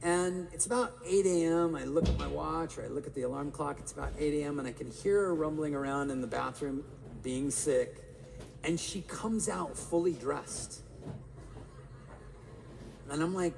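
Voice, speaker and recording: A man giving an energetic live talk to an audience in a large hall, firing rhetorical questions at the crowd. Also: fairly high pitch, normal speed, creaky. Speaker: motivational speaker. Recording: reverberant live hall, faint room noise.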